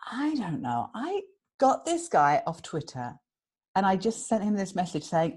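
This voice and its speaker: A woman's voice: medium pitch, measured pace, slightly rough. A British woman from England, a guest author, telling stories in a casual interview, laughing often and acting out what people said. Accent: British English. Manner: animated, laughs often, acts out quotes.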